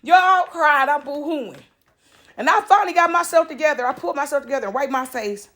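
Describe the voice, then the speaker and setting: Brief: woman, high voice, animated casual storyteller talking straight to camera. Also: brisk. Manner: animated, emotional, talks straight to viewers. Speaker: vlogger telling a personal story.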